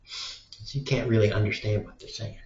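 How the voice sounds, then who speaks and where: Man, vlogger, casual rambling monologue, filler-heavy, lowish voice, dull lo-fi sound. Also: steady tone, normal speed, a little mellow. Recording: echoey room, dull lo-fi sound.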